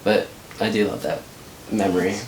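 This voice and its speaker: A man's voice: low-pitched, flat delivery, moderate pace, slight background noise. A young man from Southern California hosting a vlog, telling stories in a rambling, casual way full of fillers. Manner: rambling, filler-heavy storytelling. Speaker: vlog host. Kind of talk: casual chat. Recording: echoey room, mic at a distance.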